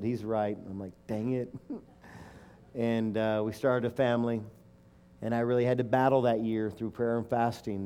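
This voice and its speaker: A man's voice: fairly low pitch, dark tone, clear, resonant tone. A middle-aged man preaching a sermon and telling a personal story, emotional and emphatic, rising to fervent declarations.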